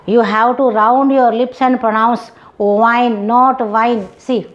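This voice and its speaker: A woman from India with an Indian English accent, teaching English phonetics and repeating each example word slowly several times. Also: on the high side, fairly even intonation, highs cut off. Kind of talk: phonetics lesson with slow repeated example words.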